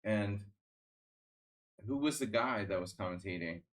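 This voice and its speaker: Lowish-voiced guy rambling at his desk mic while he plays chess, dry jokey asides, lots of um and restarts. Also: a little slow. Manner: rambling, sardonic, many restarts and fillers. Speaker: chess streamer. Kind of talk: casual live-stream chat.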